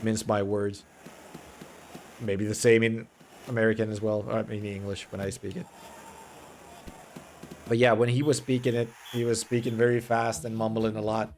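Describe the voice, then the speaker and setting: A man's voice: on the low side, level tone, moderate pace, long pauses. Mumbling Finnish-accented man streaming a game. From Finland. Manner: mumbling, words run together. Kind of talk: casual gameplay commentary.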